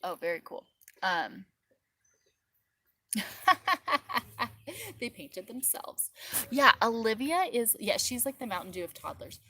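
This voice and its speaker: A woman's voice: on the high side, expressive, normal speed, pushed and bright. A woman hosting a casual live stream as a mother, chatting and rambling with lots of filler words, outdoors in her yard. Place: outdoors in a backyard.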